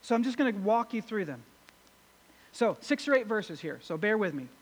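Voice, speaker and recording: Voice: mid-range voice, very animated, moderate pace. A preacher giving a sermon, reading and repeating scripture verses and asking the congregation rhetorical questions. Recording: long hall reverb.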